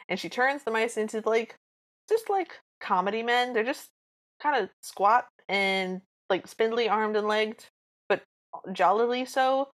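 Recapping a cartoon on a podcast, this female co-host has a mid-range, animated voice at normal speed. Her chat is casual, and she plays out the cartoon's scenes using playful voices.

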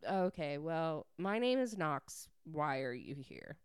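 A woman's voice: deep voice, very animated, slow, clean tone, no room sound, studio quality, full character voice. A woman voicing a big, brooding, demanding man, with curt, commanding lines.

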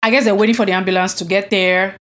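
Woman podcast co-host, mid-pitched, telling a story with pointed outrage in relaxed conversation. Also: fast talker. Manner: indignant, emphatic storytelling with rhetorical questions. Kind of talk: casual conversational chat.

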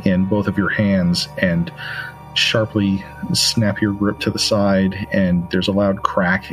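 A man narrating as game master, in a relaxed, halting way with many fillers. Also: low voice, creaky.

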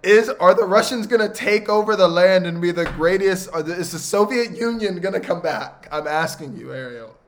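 A man's voice: high voice, moderate pace, hardly any pauses. A man hosting a casual podcast, asking teasing, jokey questions. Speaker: podcast host. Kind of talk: casual chat.

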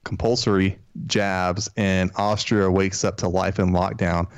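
Low-voiced man in casual podcast chat. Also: little pitch movement, a little slow, smooth, no room sound. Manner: joking, laughs often, reads out headlines. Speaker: podcast co-host.

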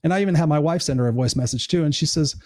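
A man's voice: on the high side, rapid-fire, darkish tone, dry recording, clean studio sound. A middle-aged man hosting a live show in casual chat, earnest and encouraging, swearing now and then.

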